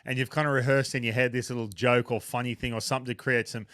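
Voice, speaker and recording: A man's voice: medium pitch, flat delivery, fast, a bit bright, no room sound. Chatty Australian man, dry close sound. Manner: self-deprecating, chatty, frequent restarts. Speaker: retired pitcher, baseball analyst. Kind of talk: casual interview chat. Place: home basement.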